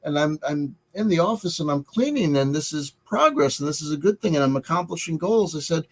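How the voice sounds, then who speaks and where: A middle-aged man talking through a personal confession in a halting, rambling way, full of restarts and filler words, wearing headphones. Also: a little high, lively intonation, poor audio. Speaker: vlogger. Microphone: headset headphones.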